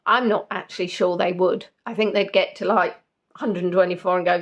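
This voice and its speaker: A woman's voice: fairly low pitch, steady tone, brisk. A woman hosting a live-stream quiz in a casual chat, giggly and jokey with rambling asides. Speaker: quiz host.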